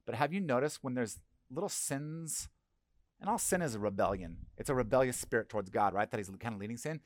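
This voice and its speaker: A man's voice: medium pitch, lively intonation, a little fast, dry recording, studio quality. A middle-aged male pastor giving a conversational sermon and asking the congregation questions.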